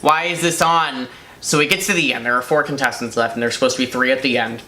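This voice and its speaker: A young man co-hosting a casual chat and telling a self-mocking story with animated energy. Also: medium pitch, racing. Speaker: co-host. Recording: echoey room, faint noise.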